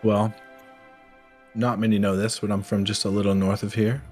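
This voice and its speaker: A man in a tabletop game session, talking in a casual, easygoing way with a slightly low voice. Faint music runs behind him. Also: little pitch movement, normal speed, a little mellow. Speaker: player.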